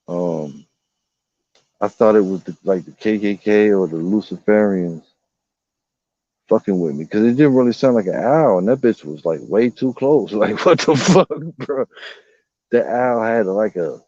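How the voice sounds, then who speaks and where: A man's voice: fairly low pitch, lively intonation, moderate pace, mellow, no echo, lo-fi sound. A man vlogging outdoors in the woods, telling rambling, profane stories and putting on voices for animals. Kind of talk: casual storytelling vlog.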